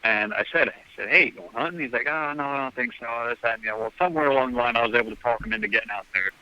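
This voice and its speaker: A man with a very bright, tense, sharp voice at a middling pitch, telling a long story as a podcast guest. He rambles and acts out each exchange with quick "I'm like" quotes. The audio is dull and lo-fi. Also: smooth. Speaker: guest hunter. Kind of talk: casual storytelling.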